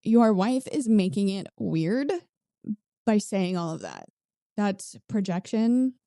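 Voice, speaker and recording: A woman's voice: medium pitch, sing-song, slow pace, mellow, dry recording, studio quality. A woman reading online advice posts aloud and breaking in with blunt, sarcastic commentary in a casual way. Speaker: reddit story reader and commentator.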